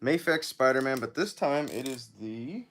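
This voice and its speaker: A man's voice: mid-range voice, animated, normal speed, fairly bright tone. A man hosting a casual livestream, chatting in a rambling way while repairing action figures and reading chat aloud.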